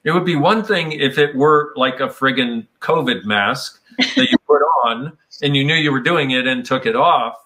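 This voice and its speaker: A man with a mid-range, pushed and bright voice talks at a moderate pace about personal growth. His casual, reflective conversation meanders from point to point, sometimes slipping into playful quoted voices.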